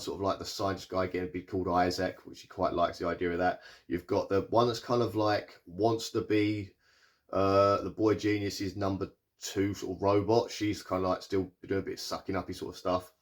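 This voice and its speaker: Low-voiced man, casual rambling TV reviewer, filler-heavy, self-correcting. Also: flat delivery. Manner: rambling, lots of fillers and restarts, paraphrases characters in quick asides. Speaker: TV show reviewer.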